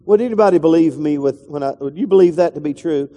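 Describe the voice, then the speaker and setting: Male pastor, high warm voice, rambling conversational sermon, echoing church hall. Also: fast talker. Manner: conversational, rambling with restarts and asides.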